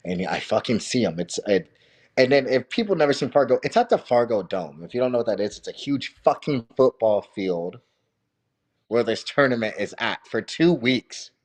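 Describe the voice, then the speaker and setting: A man, a wrestling coach, spins stories as a podcast guest. His pitch sits mid-range, and he talks loosely and profanely, peppering his lines with "bro". He tells them with lively, animated energy. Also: moderate pace. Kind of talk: casual storytelling.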